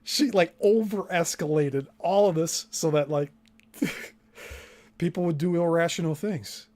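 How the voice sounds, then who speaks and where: A woman commenting slowly and deliberately on a story in casual chat. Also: lowish voice, a little mellow. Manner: slow, deliberate, emphatic commentary. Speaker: co-host.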